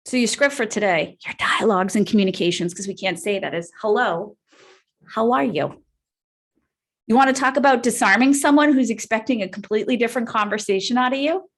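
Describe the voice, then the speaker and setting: A woman's voice: a little high, fairly quick. A woman leading a live real estate training call, upbeat and peppering the group with "right?" as she talks.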